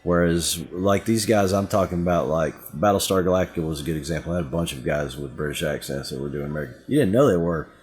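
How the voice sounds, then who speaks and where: A man's voice: sits low, fast talker, few pauses. A middle-aged man with a Southern US accent, co-hosting a podcast in casual chat and telling rambling stories full of asides. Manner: rambling, lively storytelling with many asides. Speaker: podcast co-host.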